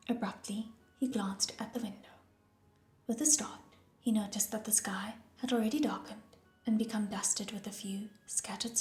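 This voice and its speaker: Hushed, whispery woman narrating an audiobook. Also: medium pitch. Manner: soft, hushed, often whispery reading. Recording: roomy echo with soft music.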